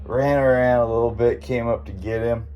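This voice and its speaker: This male podcast host speaks at a normal pace in a mid-range voice with a darkish tone and fairly even intonation. He rambles through an impromptu story, laughing along the way, with slight background noise.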